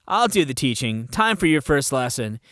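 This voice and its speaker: A man's voice: mid-range voice, big pitch swings, moderate pace, a bit bright, no echo, clean studio sound. A man voicing a crude, lecherous guardsman in a fan audiobook reading, speaking coarsely and with swagger. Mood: gruff. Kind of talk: audiobook character voice.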